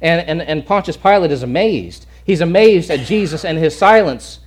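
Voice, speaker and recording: A man's voice: a little high, lively intonation, normal speed, slight background noise. A male pastor preaching a sermon in an earnest, emphatic way, often restarting and repeating words.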